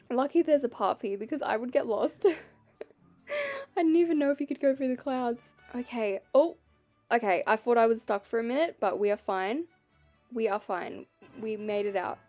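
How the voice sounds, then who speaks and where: Gushing young woman, mellow higher voice. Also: a little slow. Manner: gushing, excitable, frequent gasps. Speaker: gaming vlogger. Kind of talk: game walkthrough commentary. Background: faint background music.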